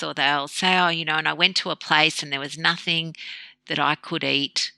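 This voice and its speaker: Woman with a very bright, forceful voice. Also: sits low, normal speed, gravelly, clear, resonant tone, dry recording, poor audio. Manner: animated, acts out quoted dialogue. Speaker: podcast guest. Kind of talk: conversational interview.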